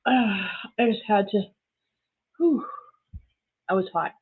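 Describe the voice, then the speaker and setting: A woman's voice: mid-range voice, lively intonation, slow, husky. A Canadian woman hosting a casual live stream, chatting and greeting viewers by name. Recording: tinny phone-like audio.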